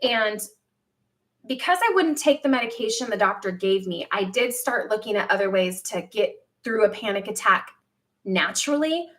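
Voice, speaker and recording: A woman in her thirties hosting a casual livestream from home, telling a personal story candidly, with lively quoted asides. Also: mid-range voice, moderate pace. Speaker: livestream host.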